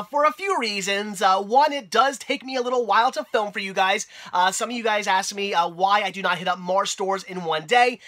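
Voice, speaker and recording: Bright, congested man chatting to his viewers. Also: sits high. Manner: upbeat, chatty, frequent fillers and restarts. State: congested from a cold. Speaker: video host and collector. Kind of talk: casual vlog narration.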